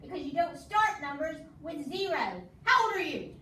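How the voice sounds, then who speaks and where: A woman's voice: extremely high pitch, expressive, normal speed, pushed and bright. A woman teaching subtraction at home, patient and coaxing, drilling a student in call-and-response. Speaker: math teacher. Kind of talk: casual home math lesson. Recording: echoey room from far off, faint background noise.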